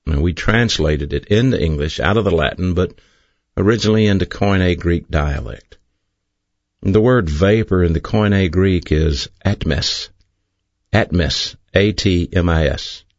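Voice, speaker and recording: Low-voiced man preaching earnestly. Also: no room sound, highs cut off. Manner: earnest, emphatic preaching with slow drawn-out stresses. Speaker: pastor. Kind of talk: sermon.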